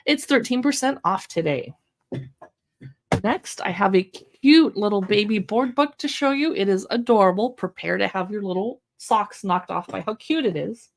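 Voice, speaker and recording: Woman, home livestream shopping host, upbeat and chatty, very animated pitch, close mic. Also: moderate pace, creaky, slight background noise. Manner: chatty, upbeat, reads short passages aloud with playful voices. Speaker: live shopping stream host. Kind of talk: casual product showcase livestream. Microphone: own microphone close by.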